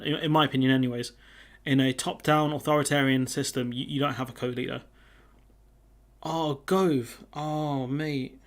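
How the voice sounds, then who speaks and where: Male streamer, a little high-pitched, relaxed and chatty, reacts to his viewers' comments. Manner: chatty, reads viewer comments aloud, runs polls. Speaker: livestream host. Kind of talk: casual live-stream chat.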